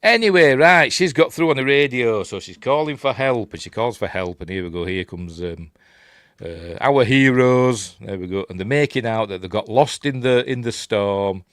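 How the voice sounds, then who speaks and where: In studio-quality audio with no room sound, a Yorkshire man reviews a film in a mid-range, fairly bright voice with lively intonation at normal speed. His commentary is casual and rambling, chatty and self-deprecating, and he mutters asides to himself.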